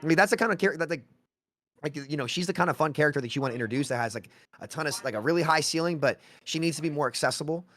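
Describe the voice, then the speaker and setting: A man chatting casually on a gaming panel, quick and full of fillers and restarts. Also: on the high side, fairly bright tone.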